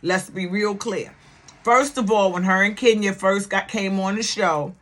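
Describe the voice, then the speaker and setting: Loud, blunt woman vlogging. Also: mid-range voice, unhurried. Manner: loud, blunt and animated, swearing freely. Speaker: YouTube reality-TV commentator. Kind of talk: casual vlog commentary.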